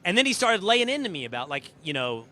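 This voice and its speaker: A middle-aged male host tells backstage stories with animated emphasis, pushing key words hard. His voice sits a bit high and sounds bright and forceful. He talks casually from a green room. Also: fast talker. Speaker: show host. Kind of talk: casual storytelling and show preview. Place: green room at a live event.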